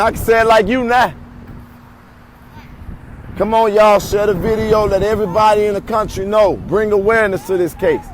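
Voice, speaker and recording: A man's voice: high-pitched, a little hiss or hum, low-quality recording. A man giving a livestreamed protest speech outdoors into a phone, chanting and rallying.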